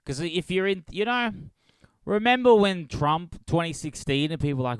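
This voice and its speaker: A man's voice: fairly high pitch, very animated, a little slow, a bit bright, clear, resonant tone, no echo. A young man hosting a podcast by himself, ranting in a crude, sarcastic way and slipping into mocking impressions. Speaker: podcast host. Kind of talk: solo comedic rant.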